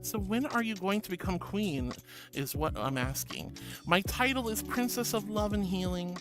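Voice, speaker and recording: A woman's voice: mid-range voice, expressive, normal speed. A woman streaming and reading her chat aloud, bubbly and sweet, calling viewers sweetie. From Florida. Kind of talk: casual chat. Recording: music playing behind.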